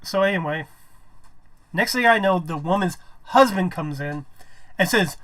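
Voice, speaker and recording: High voiced guy ranting about his job to the camera, rambly, swears a lot, sharp tense tone. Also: lively intonation, measured pace. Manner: rambling, restarts often, swears when aggrieved. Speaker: vlogger. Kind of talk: personal storytime rant.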